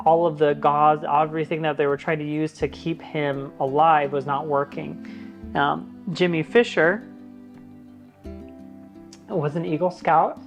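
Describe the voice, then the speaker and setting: A male vlogger with a voice on the high side and some vocal fry gives his viewers a tour of his office. He chats casually and earnestly to the camera, telling stories with plenty of fillers.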